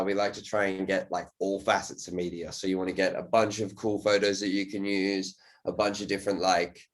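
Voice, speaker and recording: A man hosting a podcast talks in a loose, rambling stream with an easy, offhand swear here and there. His voice sits somewhat low. It is casual chat among friends. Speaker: podcast host.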